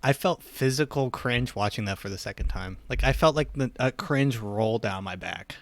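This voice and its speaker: Young male podcast co-host, easygoing and jokey, medium pitch. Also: moderate pace, a little hiss or hum. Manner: joking, laughs often. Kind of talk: casual podcast banter.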